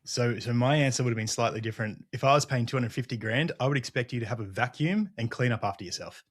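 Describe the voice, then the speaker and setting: A man hosting a casual interview, upbeat and quick to laugh. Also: medium pitch. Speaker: podcast host.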